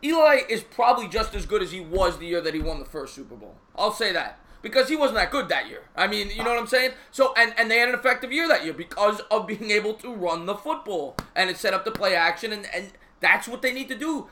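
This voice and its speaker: Man, quick and sharp-voiced, casual sports chat co-host. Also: high voice. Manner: fast, animated, reads the live chat aloud.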